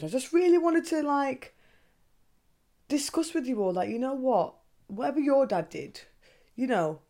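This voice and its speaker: A woman's voice: fairly high pitch, darkish tone. Young woman, podcast host, candid confessional chat, swears freely. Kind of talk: casual confessional monologue.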